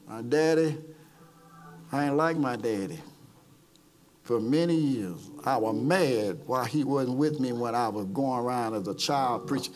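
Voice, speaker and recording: A man's voice: mid-range voice, measured pace, faint music behind. A man preaching an impassioned sermon as pastor, calling people forward and retelling stories with acted-out quotes. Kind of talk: sermon with altar call. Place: church service.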